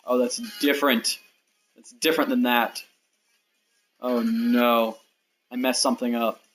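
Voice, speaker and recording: A man's voice: medium pitch, flat delivery, unhurried, a bit bright. A young American man in his twenties chatting casually with viewers during a live game stream, rambling and talking straight to his audience. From United States. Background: faint background music.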